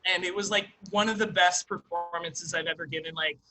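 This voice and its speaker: A young man in his twenties telling stories as a podcast guest, chatty and animated with lots of fillers. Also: sits high, poor audio. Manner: animated, fast storyteller full of likes and ums. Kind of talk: casual storytelling interview.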